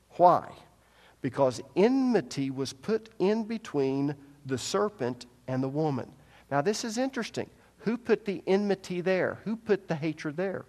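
His voice sits on the high side with a darkish tone as this man preaches as pastor. Emphatic throughout, he repeats his central points and puts rhetorical questions to the congregation, all echoing with the long reverb of a large hall.

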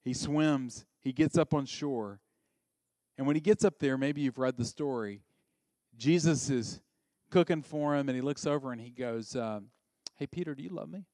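A man's voice: normal speed, dry recording. Male preacher, conversational and dynamic sermon delivery, dry close recording. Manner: animated, swings from loud and high to quiet and low; conversational, asks the audience questions.

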